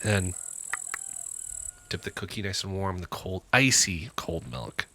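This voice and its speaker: Lively, bright-voiced joking man. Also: low voice, a little slow, a little hiss or hum. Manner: joking, riffs with deadpan one-liners. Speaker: podcast co-host. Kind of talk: casual chat.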